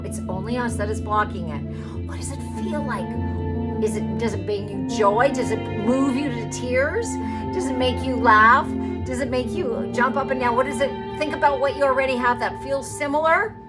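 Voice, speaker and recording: A middle-aged woman with a high voice leads a live spiritual session, speaking in an exuberant, coaxing way. Loud music plays under her voice throughout. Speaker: spiritual workshop leader. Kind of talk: live-streamed guided session.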